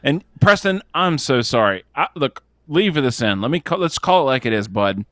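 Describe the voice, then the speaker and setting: A man chats casually about a film on his podcast, with a lively, swinging voice that jumps between jokes and rants. The recording is dry and close. He strays into playful tangents and mild swearing. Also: medium pitch, normal speed, no echo. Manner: joking, tangent-prone, swears lightly. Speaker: podcast co-host. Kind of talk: casual movie review chat.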